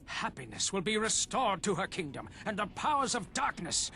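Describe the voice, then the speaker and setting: An actor playing a grandiose male dream-world spirit who speaks in solemn, booming prophecy lines. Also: sing-song, moderate pace, vocal fry, bright, forceful tone, a little hiss or hum, heavily acted.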